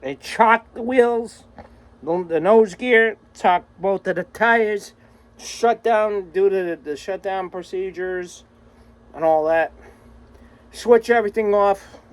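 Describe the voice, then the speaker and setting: Guy talking slow in a kinda high voice, swearing a bunch, laughing, casual vlog message to a buddy. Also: rough recording. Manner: rambling, swears freely, laughs often. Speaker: vlogger. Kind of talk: casual video message to a friend.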